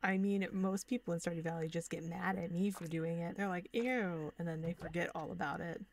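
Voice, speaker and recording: A woman's voice: fairly low pitch, flat delivery, fairly quick, slight background noise. A woman streaming a farming game, chatting casually and rambling with lots of filler words. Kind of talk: casual gaming commentary.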